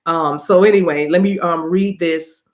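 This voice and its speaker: A woman's voice: fairly low pitch, steady tone, normal speed, darkish tone. A woman hosting a spiritual reading livestream on her phone, chatting casually with viewers, laughing, and calling them y'all. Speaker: spiritual reader and channel host.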